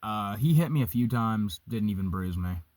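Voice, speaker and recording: A young man casually telling a story, profane and animated, vaping as he talks. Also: on the low side, moderate pace, dry recording. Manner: vaping while talking.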